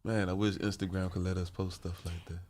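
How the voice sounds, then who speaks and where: A man's voice: deep voice, level tone, a little fast, a little mellow. A man hosting a podcast, talking in a laid-back, slangy, casual way. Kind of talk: casual chat.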